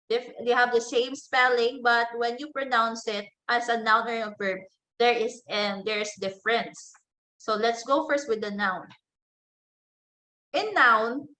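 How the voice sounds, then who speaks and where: A woman teaches in a slow, deliberate way, pausing to pronounce each example word with care. Her voice sits a little high and sounds bright and clear. She talks like she's leading a lesson. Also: low-quality recording. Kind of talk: slow classroom lecture on word stress.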